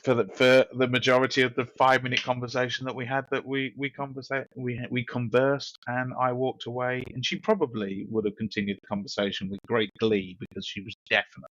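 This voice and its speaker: A man's voice: mid-range voice, level tone, brisk, hardly any pauses, fairly bright tone, no echo, muffled recording. A man with a London accent, a podcast co-host telling a rambling, cheeky anecdote with lots of restarts and laughs. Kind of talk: casual storytelling chat.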